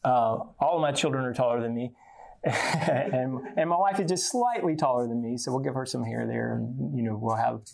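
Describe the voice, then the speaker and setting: A man's voice: mid-range voice, normal speed, gravelly, darkish tone. A man from Georgia, giving a folksy, joking conference talk and often repeating words. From Georgia, USA. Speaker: conference speaker.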